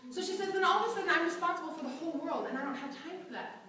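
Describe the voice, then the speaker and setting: Lady teaching bible class, high bright voice, lots of echo, mic kinda far. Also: racing, a crowd in the background. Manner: animated, acts out quotes, laughs often. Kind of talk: church class teaching, storytelling. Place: church classroom. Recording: very echoey room, mic far off.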